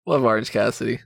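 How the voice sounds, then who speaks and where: A man's voice: mid-range voice, vocal fry, no echo. Laughing man on a dry close mic. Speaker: podcast co-host. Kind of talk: casual wrestling chat.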